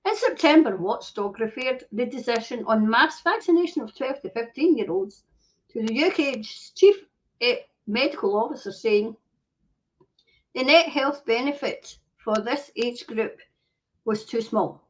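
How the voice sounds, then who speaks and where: Woman host, high voice, reads headlines then rants and swears at them, dull lo-fi sound. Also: lively intonation, measured pace. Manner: swears often, angry outbursts, rhetorical questions. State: coughing. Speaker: host of a commentary show. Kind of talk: reading news aloud with angry commentary. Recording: dull lo-fi home recording.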